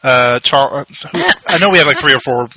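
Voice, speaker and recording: Podcast co-host, male, chatty and tangent-prone, bright dry voice. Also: mid-range voice, brisk, no echo, low-quality recording. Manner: chatty, restarts and fillers. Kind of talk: casual chat.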